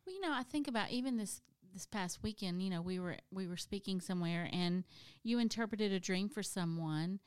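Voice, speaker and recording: Woman chatting on a faith podcast, folksy, laughs a lot, crisp dry voice. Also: mid-range voice, dry recording. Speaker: podcast co-host. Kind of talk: casual faith chat.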